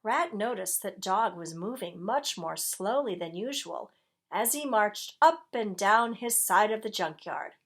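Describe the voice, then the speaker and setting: A woman reading a picture book aloud to children, gently pausing to ask her listeners questions. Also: mid-range voice, animated.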